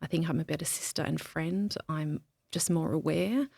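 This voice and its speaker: A grieving woman speaking candidly as a podcast guest in a reflective interview, searching for words with pauses and restarts. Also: low-pitched, creaky, darkish tone, breathy edge, no room sound, studio quality.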